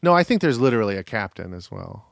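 A man's voice: fairly low pitch, big pitch swings, fast talker, gravelly, no room sound, studio quality. Jokey sarcastic man co-host. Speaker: podcast co-host. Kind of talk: casual comedic chat.

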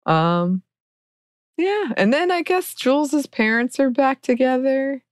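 A woman co-hosting a podcast, recapping a film's ending in an unhurried, casual way, laughing easily. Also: high-pitched, lively intonation, no echo, studio quality. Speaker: podcast co-host. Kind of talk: casual film recap chat.

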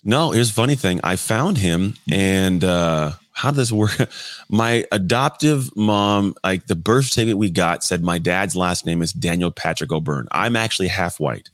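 A man in his thirties, appearing as a podcast guest, recounts his life story in a candid storytelling interview. His voice is low and his pace moderate, with no echo. He talks bluntly and conversationally, dropping the occasional mild swear word.

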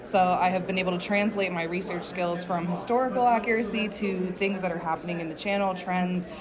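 A woman's voice: fairly low pitch, brisk. A woman in her thirties, a guest researcher, answering interview questions in an upbeat way and laughing easily. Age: 30s. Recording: crowd chatter behind.

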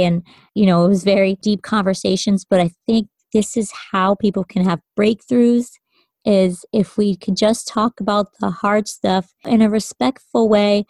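A woman's voice: mid-range voice, warm tone, dry recording. A woman hosting a faith conversation, affirming her guest and speaking with gratitude. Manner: affirming, thankful. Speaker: host.

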